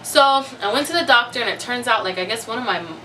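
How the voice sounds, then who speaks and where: Bright-voiced woman vlogging, mic a bit far. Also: a little high, lively intonation, fast, a little hiss or hum. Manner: chatty, laughs often, acts out her own reactions. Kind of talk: casual chat.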